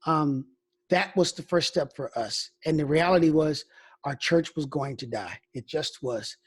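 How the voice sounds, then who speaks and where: In a candid, conversational interview, a pastor with a fairly high, slightly breathy voice speaks frankly and tells stories. He talks a bit slowly and often restarts his phrases.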